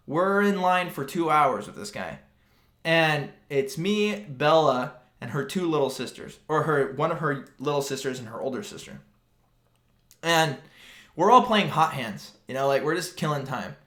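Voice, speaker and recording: A man's voice: a little high, a bit bright. A young man co-hosting a podcast, telling a long rambling story in casual chat, full of "like" and "dude". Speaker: podcast co-host. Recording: echoey room.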